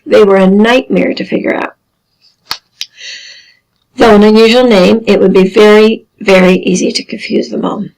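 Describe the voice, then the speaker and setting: A woman teaching a genealogy lesson, explaining carefully with dry deadpan humor. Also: medium pitch, normal speed, gravelly, pauses often, rough recording. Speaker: genealogy instructor. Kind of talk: recorded lesson over slides.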